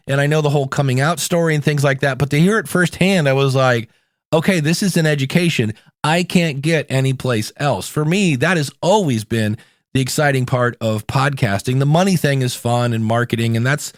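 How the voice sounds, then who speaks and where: A middle-aged man from the United States hosting a solo podcast, talking in a chatty, conversational way with animated asides. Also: a little high, no room sound, studio quality. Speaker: podcast host.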